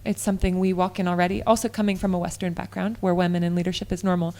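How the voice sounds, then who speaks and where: A woman hosting a podcast in a studio, telling a personal story in an animated, expressive way and laughing often. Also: on the low side, rapid-fire. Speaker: podcast host. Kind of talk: casual storytelling chat.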